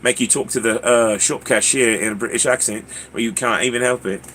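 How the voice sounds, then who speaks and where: A laid-back American man chatting on his livestream, wandering through stories with plenty of fillers and restarts. His voice is bright and forward at a middling pitch, with faint room noise in the background. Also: steady tone, a little fast. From United States. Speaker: livestream host. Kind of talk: casual chat.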